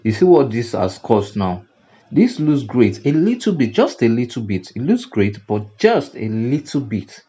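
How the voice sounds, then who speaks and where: A man's voice: medium pitch, very animated, measured pace, mellow, breathy edge, lo-fi sound. A man with a Nigerian English accent teaching graphic design over a screen recording, repeating and restarting phrases for emphasis. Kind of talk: screen-recorded software tutorial.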